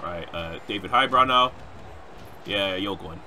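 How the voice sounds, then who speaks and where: Young man, gameplay commentary, yelling at opponents, sharp tense voice, faint hiss behind. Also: low voice, unhurried. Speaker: gaming YouTuber.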